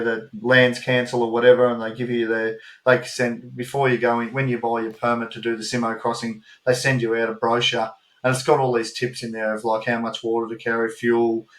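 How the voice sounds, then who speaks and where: A man with an Australian accent co-hosting a podcast, telling animated travel stories in casual chat and swearing freely. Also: medium pitch. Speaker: podcast co-host. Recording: roomy echo.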